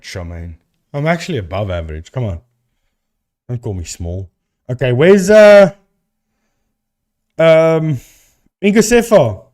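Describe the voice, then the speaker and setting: Chatty animated man streaming live. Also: medium pitch. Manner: chatty, talks to chat and thinks aloud. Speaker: live-stream host debunking ghost videos. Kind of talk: casual live-stream commentary.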